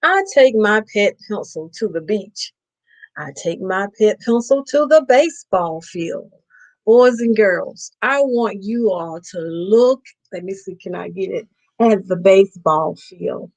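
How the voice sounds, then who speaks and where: A woman's voice: mid-range voice, expressive, unhurried, a little mellow, rough recording. A woman host reading a picture book aloud to children on a live stream, playfully stopping to ask them questions.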